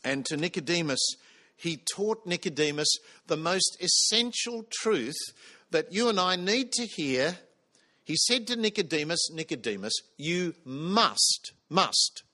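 A man's voice: high voice, expressive, a little slow, sharp tone. A man preaching a sermon, earnest, putting questions to the congregation.

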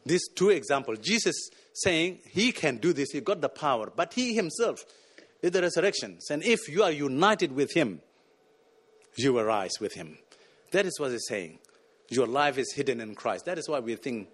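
A man's voice: mid-range voice, animated, measured pace, husky. A man preaching a sermon, emphatic and repeating words as he searches for them.

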